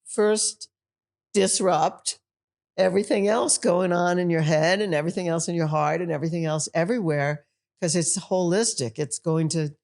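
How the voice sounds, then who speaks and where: Older woman, guest teacher, lowish voice, animated storyteller. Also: moderate pace, vocal fry. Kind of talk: casual podcast conversation.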